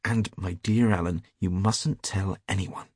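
A man voicing an earnest, easily flustered young English gentleman in a storybook reading, his pitch leaping upward when upset. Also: fairly even intonation, unhurried, slightly rough, no room sound, clean studio sound.

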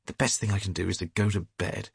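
A man voicing an earnest, easily flustered young English gentleman in a storybook reading, his pitch leaping upward when upset. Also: fairly even intonation, fast talker, vocal fry, husky, no echo, studio quality, exaggerated voice.

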